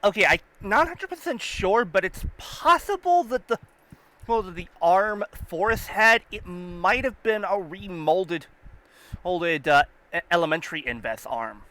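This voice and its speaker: Man, high voice, bright tone, dry close sound, casual hedging chat. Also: expressive, measured pace, no room sound. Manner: hedging, thinks aloud with restarts. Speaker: co-host riffing on a show. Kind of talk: casual group riff chat.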